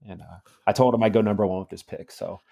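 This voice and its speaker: A man co-hosting a music podcast, chatting in a relaxed way with restarts. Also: fairly low pitch, quick pace, creaky. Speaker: podcast co-host. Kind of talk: casual chat.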